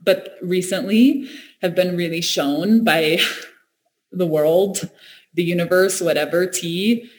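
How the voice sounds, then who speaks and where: A woman's voice: fairly low pitch, takes it slowly, a little hiss or hum. A woman talking in a reflective, earnest way, often laughing and restarting her sentences. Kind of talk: reflective casual conversation.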